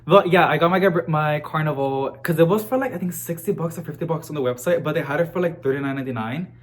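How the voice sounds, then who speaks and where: A man vlogging about houseplants in a chatty, animated way, full of casual fillers. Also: fairly high pitch, fast talker. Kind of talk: casual chat to camera.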